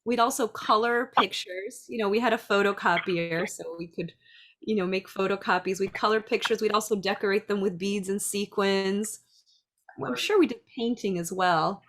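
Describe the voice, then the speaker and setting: A middle-aged woman who teaches dance and preschool, speaking in a chatty, lively way about classroom ideas. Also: mid-range voice, normal speed. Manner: chatty, lively, acts out little voices. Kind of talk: casual talk.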